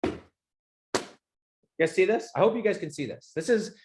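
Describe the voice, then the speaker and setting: A man's voice: high voice, animated, moderate pace, darkish tone. A man coaching on a livestream in a blunt, emphatic way, swearing often and checking in with "okay?". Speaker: business coach. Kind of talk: motivational livestream talk. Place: home office.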